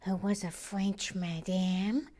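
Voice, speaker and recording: A woman's voice: mid-range voice, little pitch movement, takes it slowly, warm tone. A woman voicing a cheeky male viewer's critical comments in a half-whispered, teasing read-out. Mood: quizzical.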